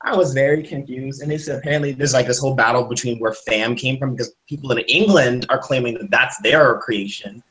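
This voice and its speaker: A young man hosting a casual chat, rambling and laughing with animated retold quotes. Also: mid-range voice, fairly quick, hardly any pauses, poor audio. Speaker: host.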